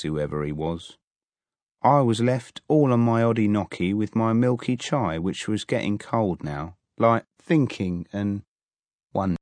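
Low, slow-talking male audiobook narrator. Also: no echo. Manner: wry, expressive first-person storytelling.

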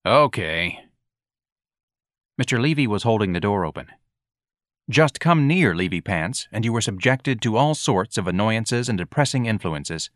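A man reading a comic novel aloud with a wry, expressive storytelling manner. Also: fairly low pitch, moderate pace, no echo, clean studio sound. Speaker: audiobook narrator. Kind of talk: audiobook narration.

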